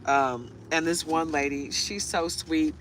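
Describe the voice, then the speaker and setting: A woman's voice: low-pitched, fairly even intonation, slow pace, over music, low-quality recording. A woman tarot reader chatting to camera from inside a parked truck, telling stories, laughing often and now and then getting choked up. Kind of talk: casual chat to camera.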